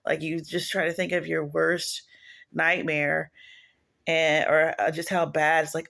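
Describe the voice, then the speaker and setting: A woman's voice: low voice, little pitch movement, a little slow, vocal fry, a bit bright. A woman preaching casually in a home video, rambling and digressive, often restarting her sentences. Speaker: online prophetess.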